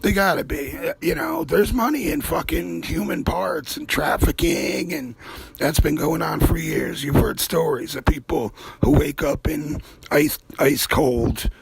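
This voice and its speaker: Rough husky guy ranting jokey conspiracy stuff, voice kinda high and jumpy. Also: expressive, measured pace, dry recording. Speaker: host. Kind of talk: rambling comedic monologue.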